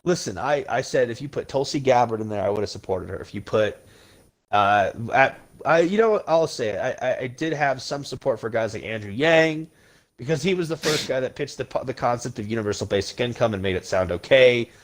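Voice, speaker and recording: A man's voice: mid-range voice, lively intonation, a little fast. A man hosting a podcast, ranting casually and bluntly about politics with plenty of swearing. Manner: blunt, profane, heated. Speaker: podcast host.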